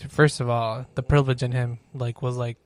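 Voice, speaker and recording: A man co-hosting a casual podcast chat, telling animated stories with plenty of swearing. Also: medium pitch, a little fast. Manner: animated storytelling, heavy swearing. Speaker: podcast co-host; venue door staff.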